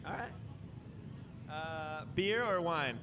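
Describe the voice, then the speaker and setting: A man asking quick playful questions from a bar area at an event. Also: fairly high pitch, lively intonation, background noise. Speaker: interviewer. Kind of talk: rapid-fire questions.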